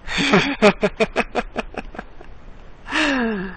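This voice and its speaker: Speaking very slowly in a husky, rather high voice, a woman from the United States tutors English online. She patiently repeats words and laughs a lot. The low-quality recording has constant background noise and clicks.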